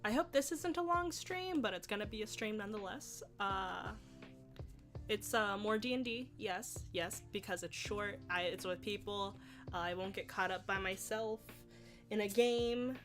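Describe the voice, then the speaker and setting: A woman's voice: mid-range voice, moderate pace, fairly bright tone, faint music behind. A woman streaming casually, rambling and trailing off as she sets up a game. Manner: rambling, self-deprecating, trailing off. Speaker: streamer and player.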